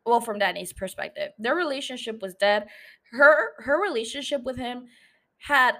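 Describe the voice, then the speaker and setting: Woman, young adult, solo podcast host, casual rambling, self-mocking, slightly high voice. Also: animated, normal speed, a bit bright. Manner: rambling, self-mocking, swears freely, frequent laughs.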